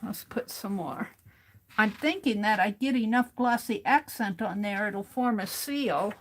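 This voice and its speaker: Slow, thinking-aloud woman crafting at her desk. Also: mid-range voice. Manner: talks to herself while working, thinking aloud. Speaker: crafting streamer. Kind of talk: casual crafting commentary.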